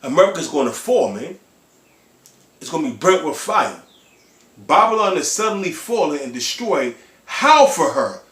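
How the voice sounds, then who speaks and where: A man's voice: on the high side, sing-song, normal speed, pauses often, fairly bright tone. A man preaching with fiery emphasis on a livestream. He is blunt and profane, and he ends phrase after phrase with "man.". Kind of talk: impassioned religious preaching. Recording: echoey room.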